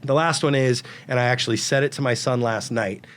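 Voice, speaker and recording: A man in his forties, a guest on an interview show, telling animated stories full of quoted dialogue. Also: mid-range voice, fairly quick. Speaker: guest, real estate brokerage founder. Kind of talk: storytelling in a casual interview.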